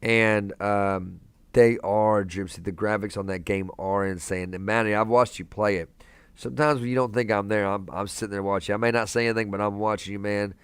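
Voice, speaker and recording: A man's voice: lowish voice, steady tone, brisk, clear, resonant tone, dry recording. A young man hosting a casual live stream from a hospital room, chatting laid-back with viewers and calling them man and brother.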